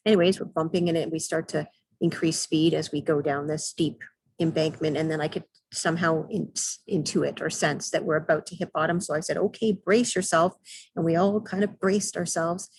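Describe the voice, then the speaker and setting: Middle-aged woman spiritual vlogger, husky low voice, calm halting delivery, dry close sound. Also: no room sound, poor audio. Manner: calm, hesitant, many ums and throat clears. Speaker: intuitive soul guide and mentor. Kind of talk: casual spiritual vlog monologue.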